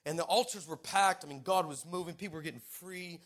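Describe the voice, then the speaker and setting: Pastor, male, high bright voice, animated storyteller who breaks into shouts. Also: brisk. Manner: animated, laughs through stories, rises to shouting exhortation. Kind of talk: sermon with storytelling. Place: church service.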